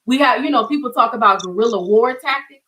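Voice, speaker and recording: A woman's voice: fairly high pitch, brisk, fairly bright tone, a little hiss or hum, rough recording. A woman hosting an online community show, speaking with heartfelt emotion and often repeating her words. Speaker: host. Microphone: video call.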